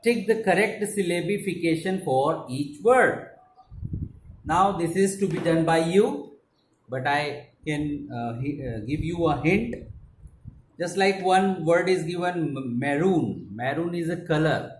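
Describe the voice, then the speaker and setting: A man's voice: fairly high pitch, lively intonation, a little slow. A man with an Indian English accent teaching an online English class, explaining step by step and often saying "okay". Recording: echoey room, faint background noise.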